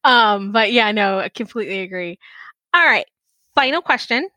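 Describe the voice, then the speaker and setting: A woman's voice: medium pitch, lively intonation, normal speed, pushed and bright, no room sound. A woman hosting a casual podcast interview, gushing and laughing often. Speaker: podcast host.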